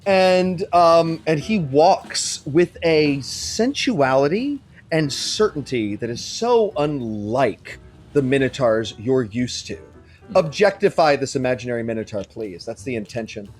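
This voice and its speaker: Animated man running a tabletop game. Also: medium pitch, a little slow, soft background music. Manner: animated, casual, swears freely. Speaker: game master.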